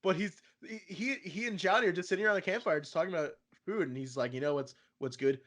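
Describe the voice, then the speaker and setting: A man co-hosting a casual fan podcast, animated and profane, often laughing and putting on voices. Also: high-pitched, fast talker. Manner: animated, swearing, laughing, mimicking characters. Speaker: podcast co-host.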